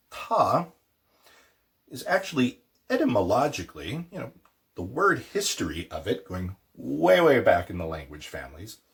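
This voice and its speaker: A man teaching a casual language lesson, playful, with jokey asides and slow repeated words for pronunciation. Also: on the low side.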